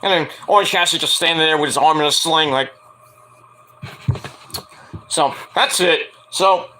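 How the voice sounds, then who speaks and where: In a bright, pushed voice on the higher side, a man casually recaps a wrestling show. He rambles, leaning heavily on "like" and "uh," and raises his voice to act out quoted lines.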